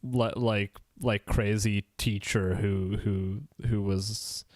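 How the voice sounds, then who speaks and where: A man's voice: lowish voice, fairly even intonation, takes it slowly, dry recording, studio quality. A man hosting a podcast in casual chat, who laughs often, swears and restarts his sentences. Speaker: podcast host.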